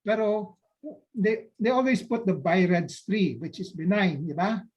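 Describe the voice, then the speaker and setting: A man's voice: high-pitched, animated, unhurried, a little mellow. A man with a Filipino accent, a doctor giving an informal medical talk, mixing English and Tagalog and often checking in with his listeners. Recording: dull lo-fi audio.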